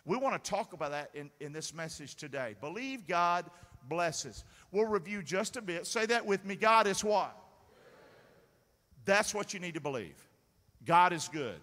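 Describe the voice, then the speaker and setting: A man preaching a sermon as pastor, energetic and calling for the congregation's responses. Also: high voice, measured pace. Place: large church sanctuary. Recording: long hall reverb in church.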